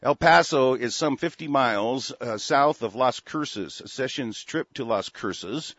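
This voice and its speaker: Male American broadcaster with a husky voice, reads the news and rants profanely with lots of fillers, on dull, dry audio. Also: medium pitch, a bit bright, dry recording. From United States. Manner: profane, halting, many fillers and restarts. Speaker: broadcast host. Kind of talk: angry news commentary. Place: seated at a desk.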